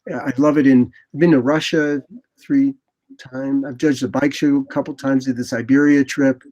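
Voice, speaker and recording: A man in his sixties, a photographer guest in an interview, telling rambling, animated anecdotes and acting out what people said. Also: mid-range voice, normal speed, highs cut off. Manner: animated, rambling anecdotes with lively quoted asides. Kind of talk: casual interview storytelling.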